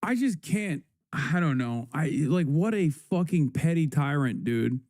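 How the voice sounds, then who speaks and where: A man's voice: on the high side, animated, a little slow, a little mellow, dry recording, studio quality. A man live streaming, giving casual, sarcastic commentary on clips and swearing a lot.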